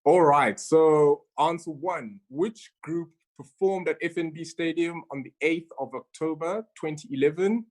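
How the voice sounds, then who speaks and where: A woman's voice: low-pitched, unhurried, few pauses, darkish tone. A woman hosting an online quiz over a video call, chatty and stumbling over her words as she reads each question twice. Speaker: quizmaster.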